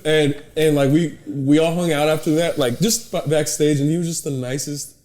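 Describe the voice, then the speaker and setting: A young man hosting a podcast, telling animated stories in casual chat, swearing often and acting out quotes. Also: on the high side, normal speed. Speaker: podcast host.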